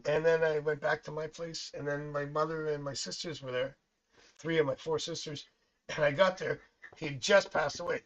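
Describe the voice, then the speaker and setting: A man's voice: on the high side, fairly even intonation, normal speed, highs cut off. A middle-aged man reading tarot cards on a live stream, chatting casually, rambling through family stories and laughing often. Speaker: psychic tarot reader.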